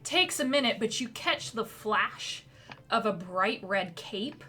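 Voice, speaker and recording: A woman narrating as game master in a tabletop game, lively and quick to laugh. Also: medium pitch, soft background music.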